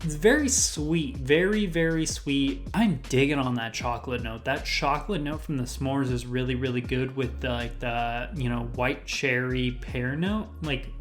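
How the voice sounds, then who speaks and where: A man at a middle pitch talks through a whiskey tasting on his own review channel. He strings together flavor notes in a relaxed, rambling way, peppered with "like." Soft music plays faintly behind him. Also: moderate pace, hardly any pauses. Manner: rambling lists of tasting notes, full of "like" fillers.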